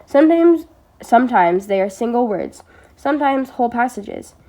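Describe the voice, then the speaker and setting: A woman's voice: on the high side, expressive, moderate pace, darkish tone. A teenage girl giving an amateur read-aloud of a nonfiction book, reading steadily but now and then stumbling and restarting a word. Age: teens. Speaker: reader.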